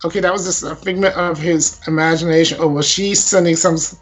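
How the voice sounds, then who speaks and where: A man's voice: a little high, fairly even intonation, a little fast, soft background music. A man co-hosting a podcast in casual chat, giggly and chatty, often restarting his sentences. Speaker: podcast co-host.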